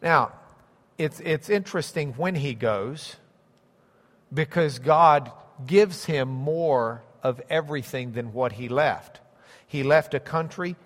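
High-voiced man preaching in a reverberant hall. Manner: teaching with a map, emphatic repetition. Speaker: pastor. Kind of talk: sermon.

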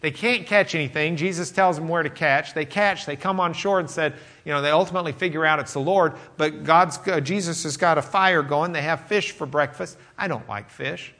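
Bright-voiced pastor teaching conversationally. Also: male voice, fairly high pitch, a little fast, few pauses. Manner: conversational, many fillers, asides to the congregation. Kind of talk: sermon teaching.

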